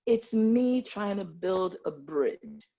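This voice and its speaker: A woman's voice: mid-range voice, sing-song, slow, warm tone, highs cut off. A woman from Nigeria, a medical practitioner, speaking earnestly and animatedly as a panelist on a video call.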